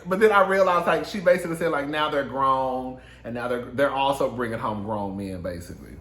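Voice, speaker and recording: A man's voice: mid-range voice, brisk, fairly bright tone, echoey room. A man doing a casual celebrity gossip monologue, sassy and laughing often, calling listeners girl and honey. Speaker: gossip commentator.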